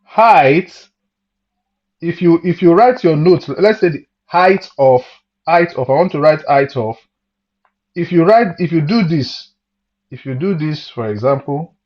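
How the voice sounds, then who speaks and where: Male music teacher, slightly raised pitch, patient and repetitive, muffled lo-fi recording. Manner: patient, repeats phrases, asks students questions. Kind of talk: online music theory lesson. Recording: dull lo-fi sound.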